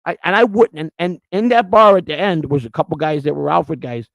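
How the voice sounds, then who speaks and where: An older man telling stories from his childhood, animated and often restarting his sentences. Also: on the high side, brisk, gravelly, no room sound. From Chicago. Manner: animated, restarts and repeats words. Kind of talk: casual storytelling.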